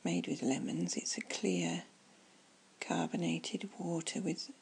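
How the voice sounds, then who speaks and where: Breathy whispering woman. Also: lowish voice, flat delivery, takes it slowly, low-quality recording. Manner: soft, rambling, musing aloud. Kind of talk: whispered ASMR chat.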